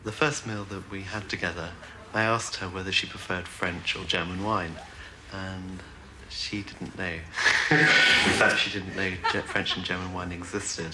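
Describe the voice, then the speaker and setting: A deep-voiced man with an upper-class English accent tells dry, understated stories, chuckling as he goes. The recording is old and heavily hissy. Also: steady tone, unhurried. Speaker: game show contestant. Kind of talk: casual interview anecdotes.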